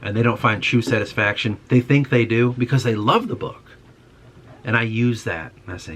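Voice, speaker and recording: A man's voice: mid-range voice, lively intonation, moderate pace. A young man in a casual monologue, ranting with frustration and heavy swearing. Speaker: podcast host.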